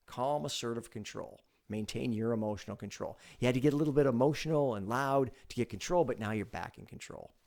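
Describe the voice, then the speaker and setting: A man hosting a sales advice show, talking straight to the viewer in a conversational coaching way, acting out meeting lines with sudden loud bursts. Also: mid-range voice, a little fast, gravelly, few pauses. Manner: conversational, coaching in second person. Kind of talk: direct-to-camera advice talk.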